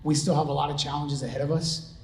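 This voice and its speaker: A man's voice: on the high side, level tone, quick pace. Earnest middle-aged man in an echoey room. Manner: earnest, conversational, with many fillers and restarts. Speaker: father giving a testimony. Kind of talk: personal testimony talk. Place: large room with an audience.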